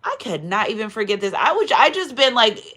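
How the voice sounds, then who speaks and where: A woman's voice: fairly high pitch, very animated, a little fast, a bit bright. A woman giving a casual spiritual card reading to her viewers. She talks in a chatty, digressive way, often asks "you know what I'm saying," and turns effusive and emotional when thanking them. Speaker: tarot card reader and channel host.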